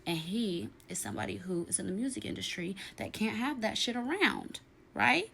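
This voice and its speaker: A woman's voice: mid-range voice, expressive, moderate pace, creaky, a bit bright, slight background noise. A young woman telling a storytime vlog in a brash, profane, emphatic way, often tagging lines with "okay?". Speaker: storytime vlogger. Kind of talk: casual storytime.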